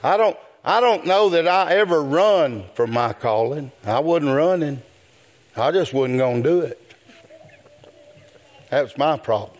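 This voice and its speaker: An older man, preaching a sermon in a rhythmic style that builds to shouts. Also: fairly high pitch, animated, measured pace, pauses often.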